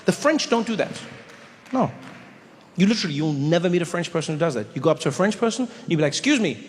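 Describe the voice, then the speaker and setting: A man's voice: fairly high pitch, fast. Man doing stand-up in a hall. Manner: storytelling, animated, with sudden exaggerated voices. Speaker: stand-up comedian. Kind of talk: stand-up comedy set. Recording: long hall reverb, faint noise.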